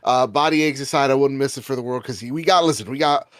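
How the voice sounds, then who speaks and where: A man's voice: mid-range voice, fast, a bit bright, no room sound, studio quality. A tired man from New Jersey chatting casually as a podcast panelist, in a laid-back, rambling way. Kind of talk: casual chat.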